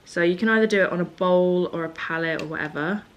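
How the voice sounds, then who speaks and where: A young woman with a slightly low voice talks straight to a camera on a tripod at home. She tells stories in a chatty, self-mocking way and keeps things lively and casual. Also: quick pace, slight background noise. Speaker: beauty vlogger. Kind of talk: casual vlog chat to camera. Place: home room at a table.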